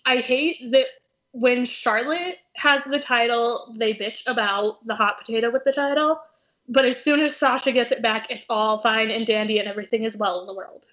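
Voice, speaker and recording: A woman's voice: on the high side, normal speed, a bit bright. A young woman co-hosting a casual chat, chatty and opinionated. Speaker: podcast co-host. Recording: dull lo-fi recording.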